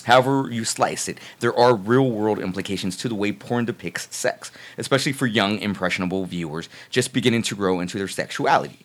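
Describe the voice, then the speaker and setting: A man co-hosting a casual podcast, reading articles aloud with a relaxed, profane manner and occasional stumbles. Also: fairly low pitch, a little fast, few pauses. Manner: profane, laid-back, stumbles when reading. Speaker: podcast co-host reading news.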